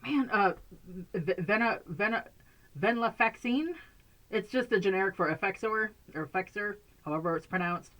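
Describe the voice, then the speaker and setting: A woman's voice: medium pitch, expressive, moderate pace, fairly bright tone. A woman chatting casually to camera from a bedroom at home, rambling and laughing often. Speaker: vlogger.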